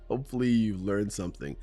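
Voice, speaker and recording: A man hosts a solo podcast in his morning voice, rambling and conversational, now and then poking fun at himself. His voice sits on the low side with a dark, mellow tone. Faint music plays underneath. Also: lively intonation, brisk. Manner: rambling, conversational, self-deprecating. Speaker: podcast host.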